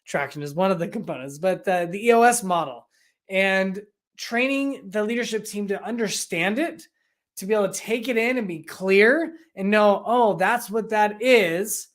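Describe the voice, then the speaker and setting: A business coach giving an energetic, enthusiastic explanatory talk, full of rhetorical questions. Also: medium pitch, moderate pace. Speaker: business coach and EOS implementer.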